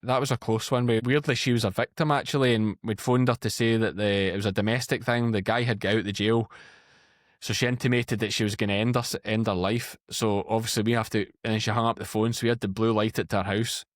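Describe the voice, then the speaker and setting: A Scottish man in his thirties, a podcast guest telling lively anecdotes in casual chat. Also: on the low side, fast talker, no echo, studio quality. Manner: chatty, animated anecdotes. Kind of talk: casual storytelling.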